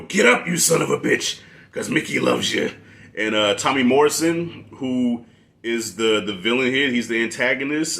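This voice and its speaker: Bright-voiced, chatty male film reviewer. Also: mid-range voice. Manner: animated, chatty, frequent restarts. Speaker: guest movie reviewer. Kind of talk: casual conversational film review.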